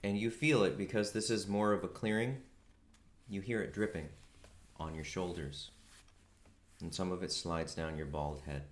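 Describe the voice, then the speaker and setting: Low-voiced man running a tabletop game. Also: steady tone, moderate pace, long pauses, reverberant. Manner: laid-back, swears casually. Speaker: game master.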